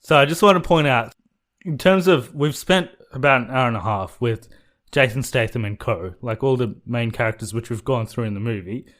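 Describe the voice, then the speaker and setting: A man's voice: mid-range voice, moderate pace, a bit bright. A man co-hosting a podcast, giving blunt, critical opinions in casual movie review chat. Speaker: podcast co-host.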